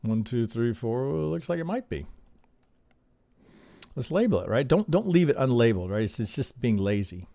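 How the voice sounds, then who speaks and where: A man's voice: mid-range voice, very animated, normal speed, vocal fry, warm tone, no room sound. A man teaching on a live stream as he reviews trading charts, thinking aloud and checking in with a constant "right?". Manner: peppers talk with rhetorical questions and "right?".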